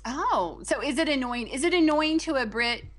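American woman, radio co-host, playful and gushing, high voice, very animated. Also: moderate pace. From United States. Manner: playful, gushing, flirty teasing. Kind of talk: casual on-air banter.

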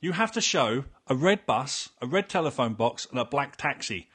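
Husky man, lively and joking. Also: mid-range voice, moderate pace. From England. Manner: dry, joking, animated storytelling. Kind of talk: casual chat.

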